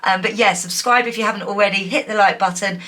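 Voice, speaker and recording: A woman doing a pick-a-card tarot reading to camera, chatty and encouraging, laughing often and filling pauses with ums. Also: medium pitch, steady tone. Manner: chatty, giggly, warm and encouraging, many fillers. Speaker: tarot reader.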